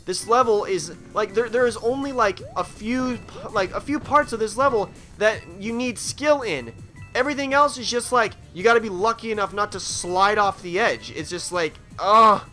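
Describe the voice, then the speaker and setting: Excitable man with a bright, lively voice. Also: sits high. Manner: excitable, swears, panicky outbursts; talks to the game character. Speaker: gaming let's play host. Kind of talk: let's play commentary.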